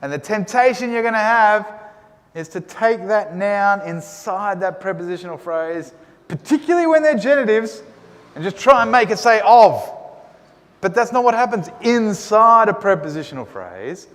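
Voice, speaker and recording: A man's voice: high-pitched, big pitch swings, moderate pace, a bit bright. An Australian man teaching a Greek class in a chatty, joking way. He wears a mask and keeps asking the class "right?". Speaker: Greek lecturer. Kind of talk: classroom lecture. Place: lecture room. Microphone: wearing a mask. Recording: long echo of a hall.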